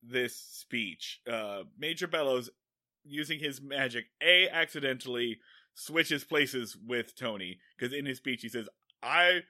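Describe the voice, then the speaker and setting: A man in casual podcast chat, recapping a TV episode with animated, sarcastic jokes. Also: medium pitch, a little slow, no room sound, clean studio sound. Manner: animated, joking, sarcastic asides. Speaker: podcast co-host.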